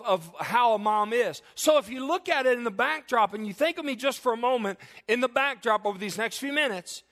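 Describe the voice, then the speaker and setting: A man preaches a sermon in a homespun, earnest manner. His voice sits high for a man. He circles back on his phrases as he warms to his point. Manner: folksy, earnest preaching with repetitions and asides. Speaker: pastor.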